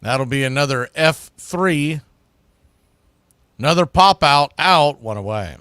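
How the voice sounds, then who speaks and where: Bright-voiced male baseball announcer. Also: fairly high pitch, lively intonation, slow pace, clean tone, no room sound, clean studio sound. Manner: corrects himself mid-sentence. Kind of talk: live play-by-play commentary.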